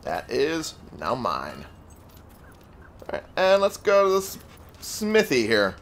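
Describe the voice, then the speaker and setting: Speaking slowly with vocal fry, a gaming video host offers laid-back, jokey commentary as he plays, his pitch leaping around animatedly. A little hiss or hum sits in the recording.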